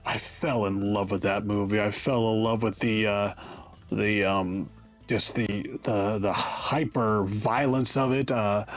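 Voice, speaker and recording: A man hosting a show, rambling casually through a movie rant with many fillers. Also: lowish voice. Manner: rambling, full of fillers, nostalgic. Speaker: host. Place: studio.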